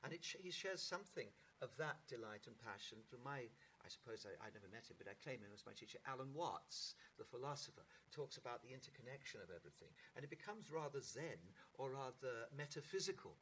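Animated man telling theatre stories. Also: medium pitch, a little hiss or hum. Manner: animated raconteur, mimics voices, halting restarts. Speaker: actor guest. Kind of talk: anecdotal interview storytelling.

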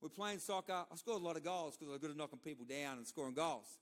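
A man's voice: on the high side, fast. A middle-aged man with an Australian accent delivering a sermon, telling personal stories in a conversational way with repeated, emphatic asides. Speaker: pastor.

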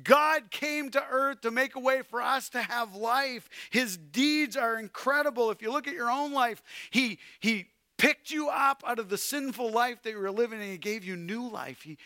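A man preaching a sermon, swinging between loud calls and hushed, quiet passages. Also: very high-pitched, moderate pace, few pauses, dry recording, studio quality. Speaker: pastor.

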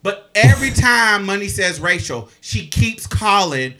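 A young man telling a story in casual chat, animated and profane, with loud exclamations. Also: high voice, measured pace, soft background music.

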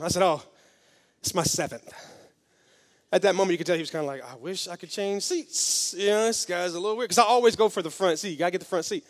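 A pastor preaching a sermon, telling a story that builds from slow and quiet to loud and excited. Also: male voice, high-pitched, in a large hall. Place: church hall.

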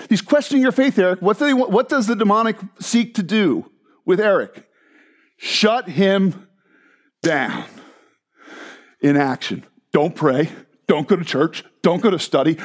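A male pastor preaching a sermon in an animated, joking way, sometimes mimicking other voices. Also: sits high.

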